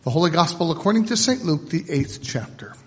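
A man serving as pastor, making announcements and then leading the liturgy in a solemn, measured cadence. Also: a little high, lively intonation. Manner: solemn liturgical cadence with call and response prompts. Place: church sanctuary. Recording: echoey church hall, mic at a distance.

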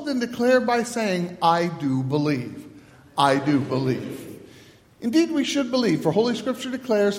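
A man, a pastor, leading a church liturgy, first with halting announcements, then in a measured liturgical cadence. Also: high voice. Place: church sanctuary. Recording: long reverb of a large church.

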